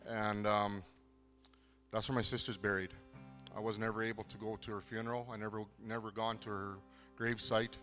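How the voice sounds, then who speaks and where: Low-voiced man giving a halting testimony. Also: flat delivery, bright, forceful tone, big-room sound, soft background music. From southern Manitoba, Canada. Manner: halting, hesitant, many restarts; earnest, moved. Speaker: program participant giving testimony. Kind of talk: personal faith testimony.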